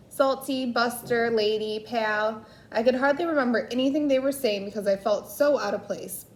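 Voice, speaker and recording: Woman reading a story aloud in an echoey room. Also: on the high side. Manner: unhurried reading with slips and self-corrections. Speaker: reader. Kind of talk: reading a children's novel aloud.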